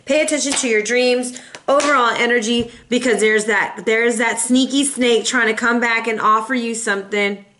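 A woman's voice: a little high, fairly even intonation, moderate pace, fairly bright tone. A woman giving a casual tarot reading, chatty and sassy, calling her viewers boo and y'all. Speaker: tarot reader.

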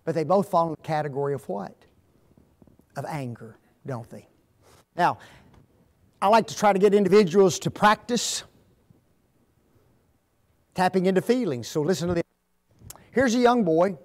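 A man's voice: sits high, lively intonation, moderate pace, long pauses. A man speaking as a guest at a marriage seminar, asking the audience to fill in the blanks. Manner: asks fill-in-the-blank questions.

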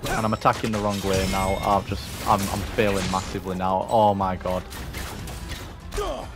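A man giving excitable gaming commentary, growing panicky and crying out during fights. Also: sits low, brisk. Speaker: gamer. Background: game music.

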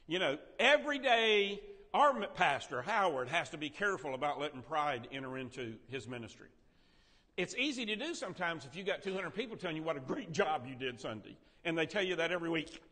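A man leads a Sunday school Bible lesson, his voice high and bright with big swings in pitch. He asks the class questions and jokes with them. The long reverb of a church room trails behind him. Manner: animated, quizzes and jokes with the class.

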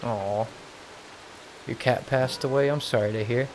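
A man streaming a video game live, chatting casually and reacting excitedly with gasps and laughs. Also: mid-range voice, measured pace, slight background noise. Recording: game music under the voice. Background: game music clearly audible.

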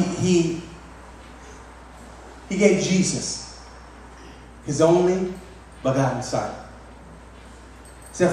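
A man in his thirties preaching a sermon as pastor, repeating words and restarting often, with lively emphasis. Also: a little high, slight background noise. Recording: echoey hall, mic from far off.

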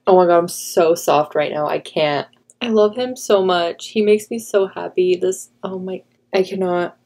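A young woman vlogging a music reaction, gushing and excitable like an eager fan. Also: on the low side, normal speed. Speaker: reaction youtuber. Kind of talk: casual reaction vlog.

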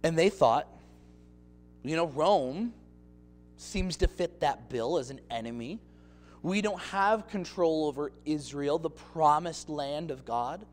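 Male pastor, expressive sermon delivery with acted-out scenes, higher voice. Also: takes it slowly.

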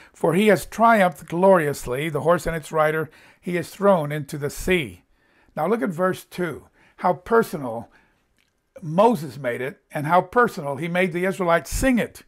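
A male preacher with a notably high voice delivers a sermon. He is earnest and emphatic, lingers on each scripture phrase, and keeps asking his listeners direct questions. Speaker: pastor.

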